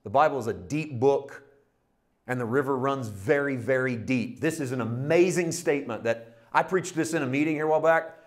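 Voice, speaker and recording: A man teaching a Bible study sermon in a conversational, folksy way, asking rhetorical questions and swinging between loud emphatic bursts and quiet low asides. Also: brisk.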